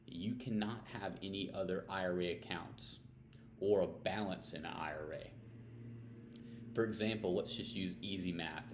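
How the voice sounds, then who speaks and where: A man's voice: low voice, echoey room, a little hiss or hum. A man hosting a weekly financial tip series, explaining in a casual, plain-spoken way and asking and answering his own questions. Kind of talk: casual explainer talking to camera.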